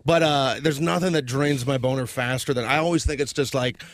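A man co-hosting a casual podcast, meandering through stories with lots of ums, restarts and crude jokes. His voice sits at an ordinary pitch. It is recorded dry and close, with no room sound. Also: fairly even intonation, brisk, dry recording. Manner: rambling, crude, many fillers and restarts. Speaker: podcast co-host. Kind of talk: casual chat.

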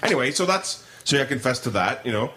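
A man's voice: mid-range voice, sing-song, fast talker, heavy background noise. A middle-aged man co-hosting a podcast, telling a rambling story with lots of restarts and laughter in casual chat. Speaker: podcast co-host.

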